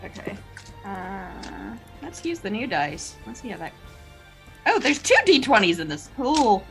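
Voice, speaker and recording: A woman's voice: medium pitch, sing-song, unhurried, gravelly, fairly bright tone, faint music behind. A woman playing a tabletop role-playing game over a voice call, playful and checking rules aloud. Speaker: player. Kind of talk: casual tabletop play.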